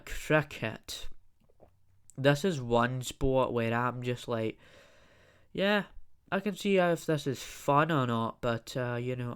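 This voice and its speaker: A man's voice: mid-range voice, fairly bright tone, smooth. A young adult man hosting a solo podcast, rambling and ranting jokingly, with frequent swearing. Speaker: podcast host.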